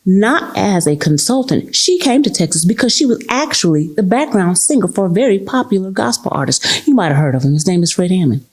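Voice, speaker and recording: A woman's voice: medium pitch, brisk, hardly any pauses. A woman telling a story in casual chat, acting out the voices of the people in it. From United States. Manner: animated, acts out the voices in her story. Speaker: guest.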